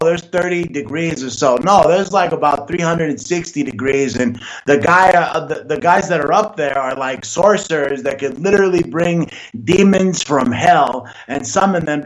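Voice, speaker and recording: A male talk show host speaks in a loose, opinionated way, leaning on fillers like "you know". His voice sits a little above the usual male pitch. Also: poor audio. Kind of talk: casual talk show conversation.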